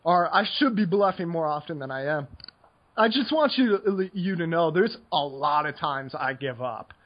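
A man's voice: a little high, animated, moderate pace, lo-fi sound. A tired American man co-hosting a poker podcast, talking casually with lots of fillers while coaching. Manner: rambling, filler-heavy, laid-back.

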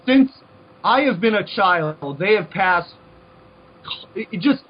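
This US man hosts a podcast and goes on a repetitive, heated opinion rant, stumbling and starting over. He speaks slowly in a high-pitched, slightly rough voice with lively intonation, recorded dull and lo-fi.

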